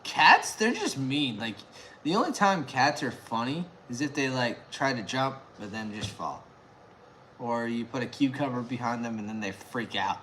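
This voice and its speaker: A man chatting casually on a live stream at home, excitable and rambling, laughing often. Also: medium pitch, moderate pace, a little hiss or hum. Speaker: beer review vlogger.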